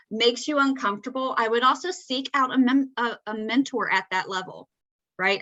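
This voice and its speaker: A woman's voice: medium pitch, bright, forceful tone, dry recording, rough recording. A woman with a Southern accent giving a conversational talk, often checking in with "right?". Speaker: presenter. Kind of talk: presenting a talk.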